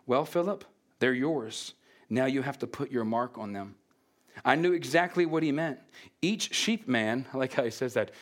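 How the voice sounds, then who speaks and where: A man preaching a sermon, reading aloud and often checking in with his congregation, sometimes dropping to a near-whisper. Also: mid-range voice. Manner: engaging, asks the congregation questions, drops to soft near-whispers. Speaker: pastor.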